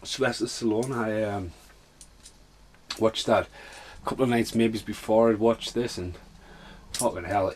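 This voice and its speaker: Low-voiced man swearing through a film commentary. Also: slight background noise. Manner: swears a lot, chatty and offhand. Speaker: podcast host doing a film commentary. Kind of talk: casual rambling commentary over a film.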